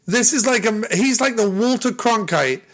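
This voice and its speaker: High-voiced man riffing with profanity. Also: animated, normal speed, poor audio. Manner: profane, riffing, laughs often. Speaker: podcast co-host. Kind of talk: casual chat.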